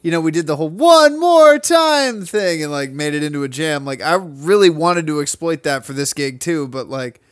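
A man's voice: fairly high pitch, steady tone, a little fast, no echo, clean studio sound. A young man co-hosting a casual podcast, joking and swearing as he talks about a gig with his bandmates. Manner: joking, profane, slips into mock British voices. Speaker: band member, podcast co-host. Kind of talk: casual banter.

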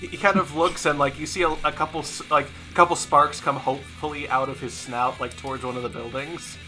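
A man running a tabletop game as game master, his voice bright and forceful. He narrates what the creatures do and asks the players for checks, with faint guitar music behind. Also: on the high side, steady tone, fairly quick. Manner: narrating actions, calling for checks.

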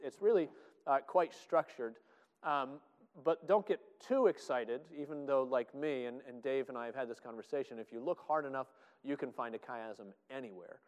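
Excitable preacher in an echoing hall. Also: male voice, medium pitch. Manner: excitable, many filler "uh"s and restarts. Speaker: preacher teaching from scripture. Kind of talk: sermon-style Bible teaching. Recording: long echoey hall reverb.

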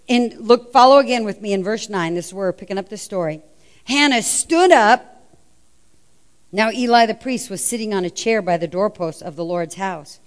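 A woman preacher delivering a sermon, telling the story with animation and acting out the lines of the people in it. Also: medium pitch.

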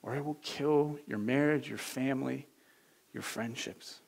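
A man doing a hushed, tender God voice. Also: medium pitch, measured pace, gravelly. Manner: soft, hushed, earnest pleading. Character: gentle, tender male voice of God, pleading softly.

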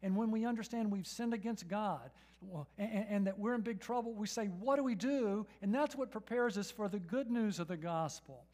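A man preaching a sermon to a gathered audience, emphatic and questioning, swinging between loud urgent peaks and soft, intimate passages. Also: high-pitched, fairly quick, hardly any pauses. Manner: emphatic, asks the audience questions and repeats "right?".

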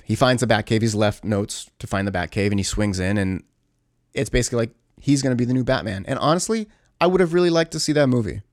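Man, low voice, dry recording, casual movie recap, rambling, sarcastic. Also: no room sound. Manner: rambling, sarcastic, lots of fillers. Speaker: movie reviewer.

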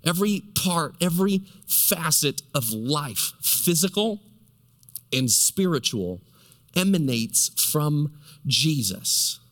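Emphatic preacher in a reverberant hall. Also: male voice, fairly high pitch, sing-song, a bit bright. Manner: emphatic, rhetorical questions to the congregation; stretches key words slowly for emphasis. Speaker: pastor. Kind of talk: sermon.

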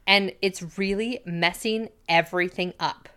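A woman's voice: fairly low pitch, steady tone, bright, forceful tone, smooth. Chatty woman recapping a show. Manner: chatty, quotes characters in quick bursts. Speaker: podcast co-host. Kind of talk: casual chat recapping a TV episode.

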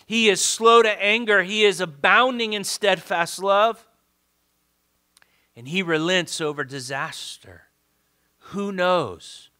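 A male preacher whose voice sits high moves from fervent, loud exhortation to hushed pleading during his sermon, repeating words often whenever he's stirred.

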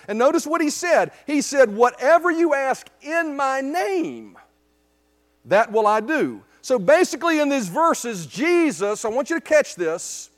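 High-pitched man preaching emphatically. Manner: emphatic, with frequent rhetorical "right?" checks. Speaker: pastor. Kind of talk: sermon. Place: church service.

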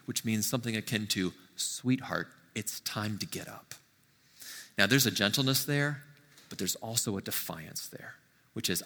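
A man preaching a sermon to his church in a conversational, animated way with frequent asides. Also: mid-range voice, long reverb tail. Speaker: pastor. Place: church sanctuary.

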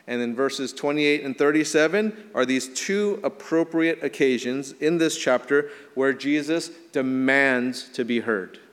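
A male pastor preaching a sermon, swinging from emphatic rises to soft, quiet drops. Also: medium pitch, measured pace, hardly any pauses, big-room sound. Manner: earnest preaching, rising emphatic then dropping soft.

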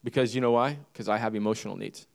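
A man's voice: lowish voice, fairly even intonation, quick pace, gravelly. A male pastor preaching a sermon, reading scripture and driving points home with repetition and questions to the congregation. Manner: emphatic, repeats key phrases and asks the congregation questions.

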